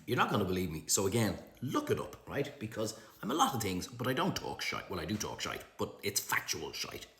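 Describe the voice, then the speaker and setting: A middle-aged Irish man delivering a profane comic rant to camera, ranting in an animated, swearing way. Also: fairly quick. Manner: profane, animated ranting with big pitch swings. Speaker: social media comedian. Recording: roomy echo.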